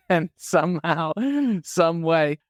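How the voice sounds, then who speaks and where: A man's voice: on the high side, flat delivery, drawn-out words, no room sound, studio quality. A man as guest host in casual chat, laughing often, swearing and reacting eagerly.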